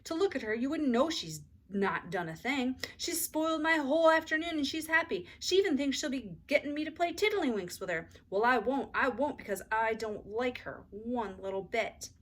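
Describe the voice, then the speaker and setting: A fed-up schoolgirl big sister voiced by a woman reading aloud, brisk and indignant. Her voice sits a little above the reader's own, with a clipped edge in a storybook reading. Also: sits high, animated, pitched above the performer's own voice. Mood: fuming. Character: exasperated older sister, schoolgirl.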